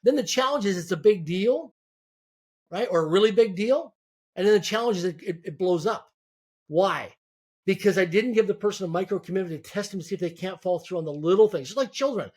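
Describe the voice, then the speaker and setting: A man with a notably high speaking voice talks as a guest on an interview podcast. He gives motivational business advice in an emphatic, driving way. He often repeats words and restarts phrases, and he stacks his points into quick lists. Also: darkish tone. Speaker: guest entrepreneur.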